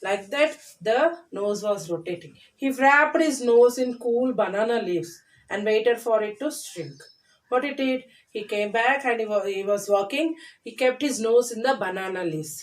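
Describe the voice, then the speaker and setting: A woman teacher who reads a story aloud to children, then retells each line in simpler words with lively emphasis. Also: on the high side, moderate pace, distant mic, low-quality recording.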